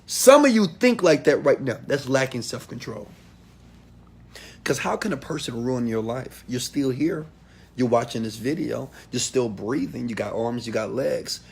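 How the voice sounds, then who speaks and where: A man giving a motivational talk to an audience, preachy and direct, swinging from loud calls to hushed asides. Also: mid-range voice, animated, moderate pace, creaky, husky. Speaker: motivational speaker.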